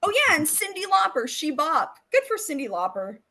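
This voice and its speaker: A woman's voice: sits high, very animated, normal speed, pushed and bright. A woman co-hosting a metal music podcast, chatting casually and enthusiastically, full of "like" and "um". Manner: chatty, enthusiastic, lots of "like" and "um" fillers. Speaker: podcast co-host. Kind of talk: casual chat.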